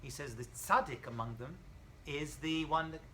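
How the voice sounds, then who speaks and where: Bright-voiced rabbi teaching a class. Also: male voice, on the high side, moderate pace, a little hiss or hum, poor audio. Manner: animated storyteller, acts out dialogue, jokes with students. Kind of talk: informal classroom lecture. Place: college classroom.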